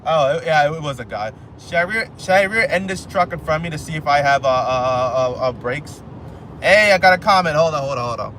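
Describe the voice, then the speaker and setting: Guy talking on a stream from his car, kinda high voice, faint road noise behind. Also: lively intonation, a little fast, sharp tone. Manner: rambling, self-joking, repeats phrases. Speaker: live streamer. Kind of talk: casual live stream chat while driving. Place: inside a car on a highway.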